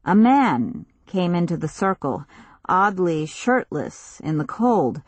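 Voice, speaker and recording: Low-voiced woman reading a novel aloud, very slow and measured, dry close sound. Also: no echo. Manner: measured, even storytelling. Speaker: audiobook narrator. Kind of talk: scripted narration.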